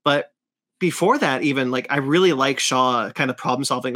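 A man's voice: mid-range voice, normal speed. Chatty, opinionated man reviewing a show. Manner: animated, opinionated, many fillers and restarts. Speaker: podcast host. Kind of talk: casual review chat.

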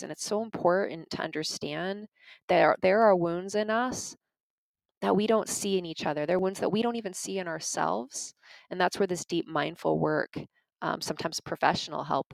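This woman's gravelly voice sits low as she gives a casual, earnest lesson about parenting and feelings, sharing stories and talking directly to "you guys." It's a dry, low-quality recording.

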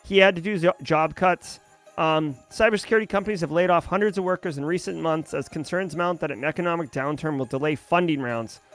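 A man with a slightly high voice hosts a livestream at a brisk pace, faint music playing behind him. He chattily reads news headlines, riffs on them with casual commentary, and answers chat as he goes.

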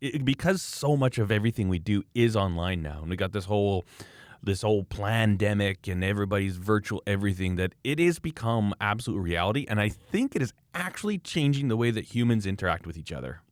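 A man from Canada, a knife maker on a casual podcast, ranting in a mocking, animated way about online critics. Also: lowish voice, fairly quick, no room sound, clean studio sound.

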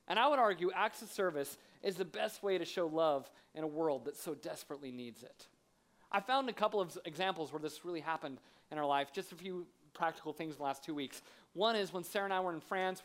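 A man preaching a sermon to a congregation, telling self-deprecating stories in a conversational, animated way. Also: high-pitched. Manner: humorous, self-deprecating storytelling. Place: church auditorium with audience.

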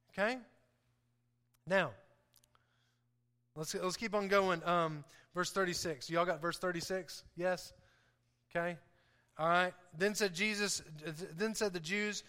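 A man preaching with a high, bright voice that rings back from a large hall with long reverb. He is emphatic, and he keeps turning to the congregation with questions for them to answer. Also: fairly even intonation, normal speed, clean tone. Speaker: pastor. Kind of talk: sermon.

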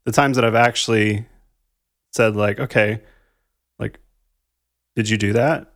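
This thirtysomething podcast co-host talks through parenting in a relaxed, thoughtful way, peppering his speech with "like" and soft laughter. He has a lowish, slightly bright voice, a steady tone, and a measured pace, captured in studio quality without any room sound.

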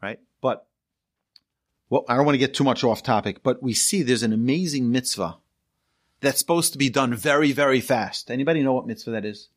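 Male rabbi, storytelling sermon, animated and conversational with the audience. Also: a little fast. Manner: storytelling, asks the audience questions; lively, rises in pitch for emphasis. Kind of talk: sermon to a congregation.

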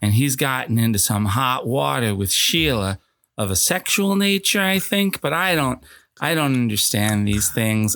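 A man voicing a prim, earnest, naive man who speaks slowly, deliberately and properly. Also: medium pitch, creaky, sharp tone, smooth, dry recording, studio quality, pitched above the performer's own voice.

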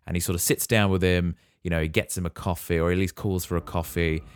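A man hosting a podcast, retelling a movie plot in a relaxed way and quizzing his co-host. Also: low-pitched, quick pace, smooth, no room sound, clean studio sound. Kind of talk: casual movie recap.

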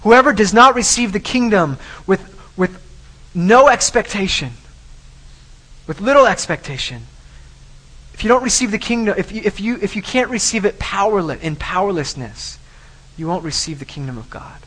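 A man's voice: sits high, animated, moderate pace, a bit bright, rough recording. A man preaching a sermon, emphatic, often repeating and restarting phrases. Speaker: pastor.

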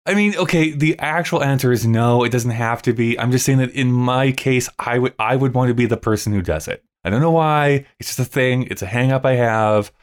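A man in his thirties co-hosting a casual podcast, easygoing and thinking out loud. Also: mid-range voice, a little fast, few pauses. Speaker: podcast co-host.

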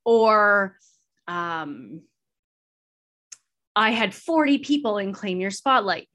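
A woman's voice: mid-range voice, expressive, slow pace, a bit bright. Candid, reflective woman podcast host. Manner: candid and reflective, laughs easily. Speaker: podcast host being interviewed. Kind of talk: casual conversational interview.

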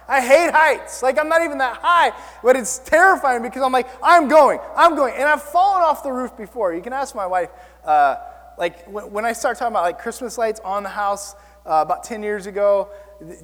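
A pastor preaching with a strikingly high voice for a man. He tells his stories in an animated, self-mocking way. His voice rings with the long reverb of a large hall. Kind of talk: sermon.

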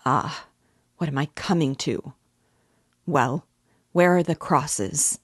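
A woman's voice: low-pitched, slow pace, breathy edge, no room sound, studio quality, full character voice. Woman reading as a feverish, agitated young man. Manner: restless, incoherent, self-mocking. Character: agitated young male student, feverish, bitter.

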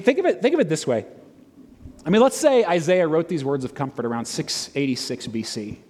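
A middle-aged man preaching a sermon in a conversational, animated way, with frequent fillers and restarts. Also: a little high, slightly rough, long reverb tail. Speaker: pastor.

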